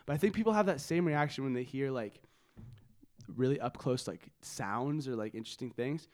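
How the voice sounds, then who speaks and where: A man's voice: mid-range voice, normal speed, a little mellow. A young man co-hosting a podcast in casual chat, rambling with lots of fillers. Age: young adult. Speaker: podcast co-host.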